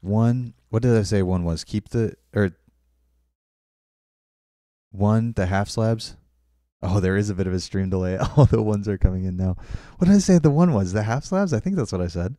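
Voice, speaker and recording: A man's voice: on the low side, moderate pace, warm tone, no room sound, studio quality. A young man streaming a game, chatting casually with viewers and often apologizing. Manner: chatty, apologetic, reads chat aloud. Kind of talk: casual live-stream chat while building.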